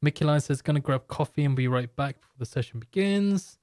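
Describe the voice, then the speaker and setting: A man's voice: on the high side, animated, brisk, a little mellow, dry recording, studio quality. A man hosting a live market stream, explaining in a loose, rambling way and joking with chat viewers. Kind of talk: live market commentary and product pitch.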